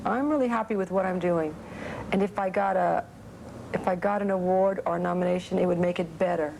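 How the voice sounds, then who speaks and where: A woman's voice: lowish voice, steady tone, brisk, gravelly, a little mellow, a little hiss or hum, rough recording. A woman actress giving a casual interview, rambling and chatty with many fillers.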